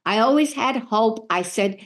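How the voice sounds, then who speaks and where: A middle-aged woman, a medium, telling lively stories in a podcast interview and acting out the voices of the people in them. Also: on the high side, measured pace. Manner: animated, acts out voices in her stories. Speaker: medium and spiritual healer, guest.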